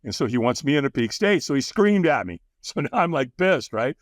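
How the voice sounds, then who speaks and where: A man telling stories as a guest on a podcast, animated and quick to laugh, often acting out what others said. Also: medium pitch, dry recording, studio quality. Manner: animated, acts out quoted voices, laughs often. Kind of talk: casual interview storytelling.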